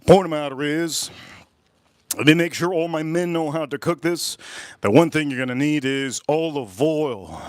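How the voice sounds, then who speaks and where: Middle-aged male live-stream cook, rambling and salty-mouthed, higher voice, dry close sound. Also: measured pace, no room sound. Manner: rambling, profane, repeats himself. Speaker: cooking livestream host. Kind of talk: casual live cooking chat and storytelling.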